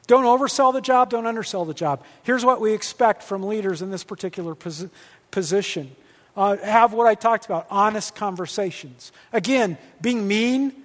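A male pastor teaching on leadership in a lively, joking way, acting out quoted dialogue. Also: sits high. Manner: animated, jokey, acts out quoted dialogue. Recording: long hall reverb.

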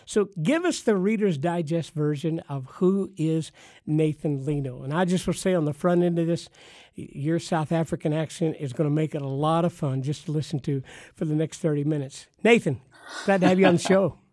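Man, podcast host, emphatic preacher cadence, mellow tone, dry close sound. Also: on the high side, normal speed, no room sound. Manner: emphatic, preacherly, punchy repetition. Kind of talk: enthusiastic ministry podcast talk.

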